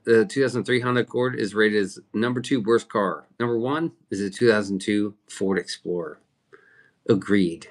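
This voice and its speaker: Brief: male streamer, low voice, profane rambling chat, reacting to the comments. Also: normal speed. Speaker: livestream host. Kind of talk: casual livestream chat.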